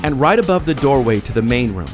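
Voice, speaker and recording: A man giving measured, scripted documentary narration. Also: medium pitch, animated, over music. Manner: measured, reportorial.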